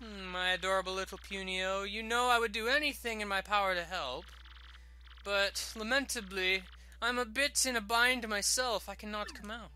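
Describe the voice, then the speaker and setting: A man's voice: high voice, moderate pace, pushed and bright, smooth. A man voicing a pompous, fussy older woman with a theatrical, haughty way of talking. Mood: fretful.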